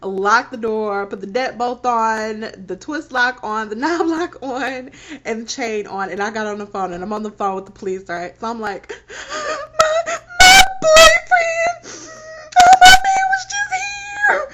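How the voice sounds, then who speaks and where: A woman in her thirties frankly telling a personal story on her vlog, animated and laughing between phrases. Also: mid-range voice, moderate pace. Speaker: vlogger. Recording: dull lo-fi recording.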